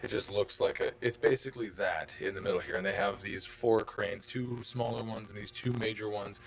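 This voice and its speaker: Gravelly-voiced man as game master. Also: lowish voice, a little fast. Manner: rambling, descriptive, many fillers. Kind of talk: narrating a tabletop game.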